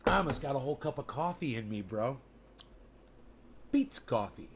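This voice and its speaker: A man's voice: mid-range voice, lively intonation, normal speed, a little hiss or hum. A man rambling casually to his viewers from home, loose and profane, talking straight at the audience. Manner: loose, profane, chatty, addresses viewers directly. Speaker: vlogger. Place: home in the mountains.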